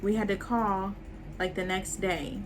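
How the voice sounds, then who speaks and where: A young adult woman vlogging a casual storytime and talking straight to her viewers in an animated way. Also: medium pitch, a little slow, background noise.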